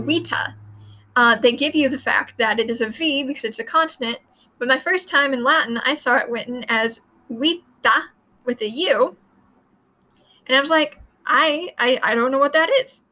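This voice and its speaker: Woman Latin teacher, high and bright, casual chatty explainer who sounds words out. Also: normal speed, rough recording.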